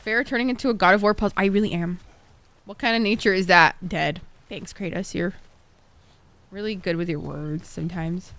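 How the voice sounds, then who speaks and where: A woman's voice: on the low side, fairly quick, fairly bright tone. A young woman streaming a video game, chatting playfully with viewers and swearing freely. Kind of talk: casual gaming commentary.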